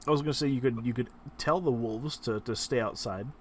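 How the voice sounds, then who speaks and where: Male game master, casual and hesitant, mid-pitched, faint noise behind. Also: fairly quick. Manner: hesitant, joking. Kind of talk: narrating a tabletop game.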